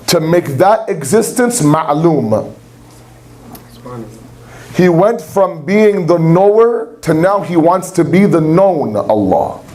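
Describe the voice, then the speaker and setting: Male lecturer, religious talk, conversational, rhetorical questions, humorous, high-pitched. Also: a little mellow. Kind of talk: sermon-style lecture.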